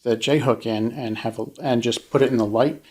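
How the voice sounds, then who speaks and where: A man's voice: medium pitch, fairly even intonation, brisk, a little mellow. A man co-hosting a casual true-crime discussion, explaining things step by step with fillers. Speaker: podcast co-host.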